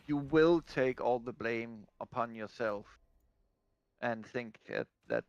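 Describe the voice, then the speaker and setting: A man chatting casually with a streamer, speaking deliberately with a dry, teasing manner. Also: mid-range voice, clean tone, no echo, lo-fi sound. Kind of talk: casual chat.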